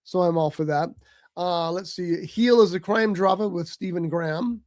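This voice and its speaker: Male co-host, high voice, chatty and exasperated, casual stream talk. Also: normal speed, a little mellow. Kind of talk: casual movie chat. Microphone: streaming mic.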